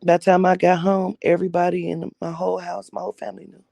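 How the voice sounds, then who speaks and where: Woman, young adult, gravelly and dark-toned; blunt, profane personal storytelling. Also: fairly low pitch, flat delivery, fast talker, no room sound. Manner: blunt, profane, acts out quoted voices. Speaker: vlogger telling her life story.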